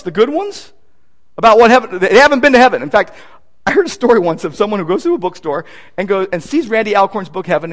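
Animated high-voiced male pastor preaching. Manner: animated, emphatic preaching with quick asides and repeated words. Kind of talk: sermon.

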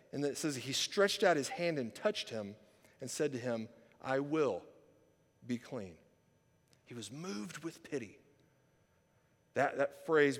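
A man delivers a teaching sermon in a slightly high voice, talking with his listeners more than at them. He swings from loud, emphatic passages to quiet, earnest ones and keeps checking in with rhetorical questions. His words carry a long reverb, as in a large hall. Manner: conversational, asks listeners rhetorical questions, repeats "right?". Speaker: pastor.

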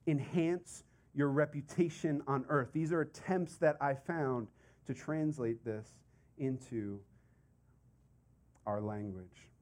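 A middle-aged man preaching a sermon as pastor, conversational and animated, with casual asides and repeated phrases. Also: mid-range voice, slow pace.

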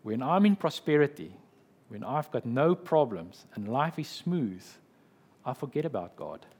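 A man's voice: mid-range voice, big pitch swings, a little slow, darkish tone, slightly rough. A man preaching a sermon as pastor, explaining scripture and retelling a story in an explanatory way, often checking in with "okay" and "right".

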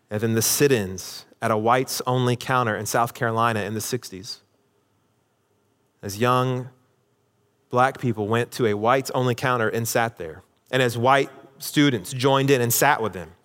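A man's voice: mid-range voice, a bit bright. A man preaching a sermon to a congregation, emphatic, acting out quoted lines. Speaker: pastor. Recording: long hall reverb.

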